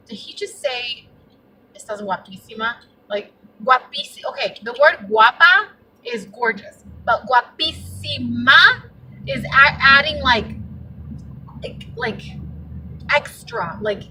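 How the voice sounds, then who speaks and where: A young woman vlogger telling a story in a casual, animated, indignant way, full of fillers. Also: on the high side, recorded from a distance, a little hiss or hum, poor audio. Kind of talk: casual vlog rant.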